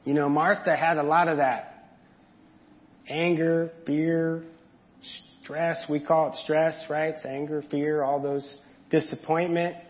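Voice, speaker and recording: A man preaches in a plain, conversational way, stopping often to ask the congregation questions. His voice sits a little high for a man. The sound is dull and lo-fi, and it rings with the long reverb of a big church room. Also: little pitch movement, slow. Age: adult parent. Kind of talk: sermon. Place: church sanctuary.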